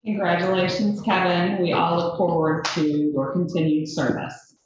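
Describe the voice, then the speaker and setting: Woman official closing a ceremony, low-pitched, distant dull mic. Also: level tone, moderate pace, slight background noise. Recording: echoey room from far off, dull.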